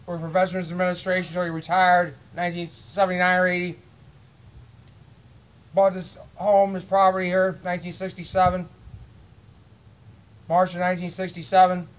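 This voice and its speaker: Middle-aged man, from Illinois, high voice, flat delivery, rambling home vlog, stumbling repeats. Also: normal speed, long pauses, clear, resonant tone, poor audio. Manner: repeats words, restarts, aggrieved. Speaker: vlogger. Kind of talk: rambling monologue to camera. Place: at his home.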